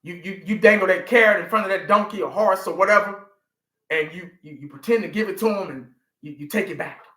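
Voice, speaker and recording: A man's voice: sits high, fast talker, bright, forceful tone, echoey room. A man in his forties, a sports fan vlogger ranting through a live reaction, swearing freely and repeating himself for emphasis.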